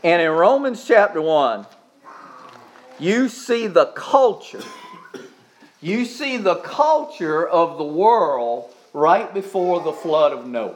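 A man's voice: a little high, animated, slow pace. A man preaching a sermon in a church service, with emphatic repetition, Bible reading and a spoken prayer, asking the congregation to repeat after him. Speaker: pastor.

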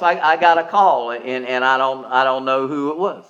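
A man preaching a sermon, folksy and emphatic, jumping from quiet asides to loud stressed lines and often repeating words as he starts a sentence. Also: medium pitch, moderate pace, lo-fi sound.

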